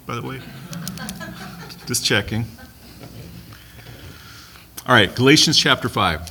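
A man's voice: mid-range voice, lively intonation, slow, long pauses, sharp tone, slight background noise. An American man leading a Bible study class in a conversational way, asking the group questions and making light asides. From United States.

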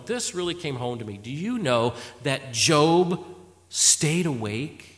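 Male preacher, higher voice, lively storytelling sermon with loud and quiet turns, hall reverb. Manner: animated storytelling, swings between loud exhortation and quiet asides.

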